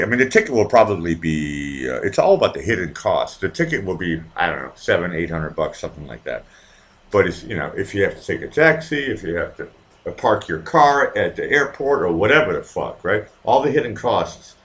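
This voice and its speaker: A man with a slightly low voice and a faint Boston accent talks casually to his live stream viewers. He rambles, curses freely and speaks straight to individual viewers. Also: big pitch swings, fairly quick, a bit bright. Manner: rambling, profane, chatty with viewers. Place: home in Vienna.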